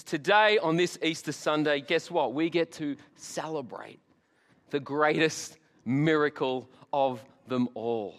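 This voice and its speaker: A high-pitched Australian man preaching with animated, joking storytelling. His voice rings out with a long reverb from a church hall. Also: slow. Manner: animated storyteller, jokey asides. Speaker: pastor. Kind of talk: Easter sermon.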